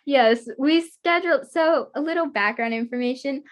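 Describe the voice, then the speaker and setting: High-voiced chatty woman hosting. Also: normal speed. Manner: giggly, chatty, rambling. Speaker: guest host interviewer. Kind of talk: casual chat. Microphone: video call.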